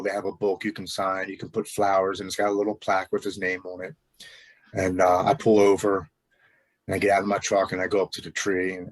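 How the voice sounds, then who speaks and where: A man's voice: low-pitched, dry recording. A man in his forties telling his own recovery story as a guest, earnest and emotional. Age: 40s.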